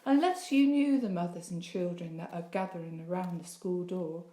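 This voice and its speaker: A woman's voice: normal speed, warm tone. A woman narrating a novel as an audiobook, lifting her voice for the dialogue. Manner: reads the dialogue with a lifted, higher voice. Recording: roomy echo.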